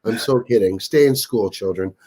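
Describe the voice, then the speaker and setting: A man's voice: fairly low pitch, normal speed, a little mellow, a little hiss or hum. A man co-hosting a casual movie review chat, joking and laughing often. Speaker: host.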